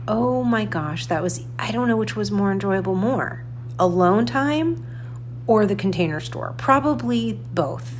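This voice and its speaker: A woman in her forties tells a personal story on her podcast, chatty and animated, poking fun at herself. Her voice sits a little low for a woman. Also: a little hiss or hum. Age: 40s. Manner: animated, chatty, self-deprecating with frequent laughs. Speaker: podcast host. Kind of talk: casual storytelling monologue.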